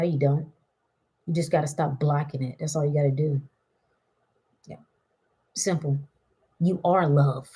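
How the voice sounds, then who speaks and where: A woman giving a casual spiritual pep talk, animated and teasing, laughing often and firing rhetorical questions. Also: lowish voice, breathy edge.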